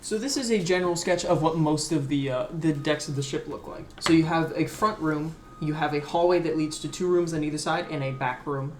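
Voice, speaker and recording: Casual game master in an echoey room. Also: male voice, on the high side, steady tone, brisk, few pauses. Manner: casual, hesitant with many fillers. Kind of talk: explaining a tabletop game map. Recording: echoey room, faint background noise.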